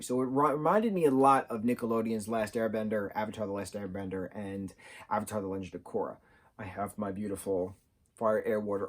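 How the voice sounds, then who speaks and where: Enthusiastic rambling man reviewing a show. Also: lowish voice. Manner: enthusiastic, rambling with fillers and self-corrections. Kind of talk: casual review monologue.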